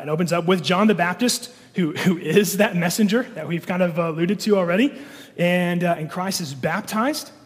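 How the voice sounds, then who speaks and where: A man's voice: sits high, long reverb tail. A man preaching a sermon as pastor, conversational and full of fillers and restarts.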